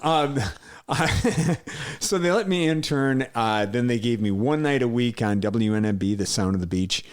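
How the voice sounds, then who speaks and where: A man's voice: mid-range voice, animated, unhurried. A man with a clean Midwestern accent, a former radio DJ, talking as an interview guest in a plain, straightforward way with dry quips. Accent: Midwestern American. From Midwest United States. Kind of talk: casual interview chat.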